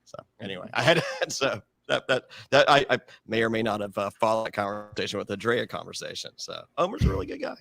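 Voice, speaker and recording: Lively, laughing man on a podcast. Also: on the low side, fast, creaky, hardly any pauses, dry recording. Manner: animated, laughs a lot, acts out quotes. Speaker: podcast co-host. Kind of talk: casual recap chat.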